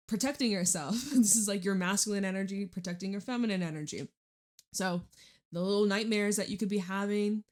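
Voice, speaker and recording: A woman's voice: fairly low pitch, a little mellow. A woman doing a casual tarot reading, chatty, laughing often and swearing freely. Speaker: tarot reader.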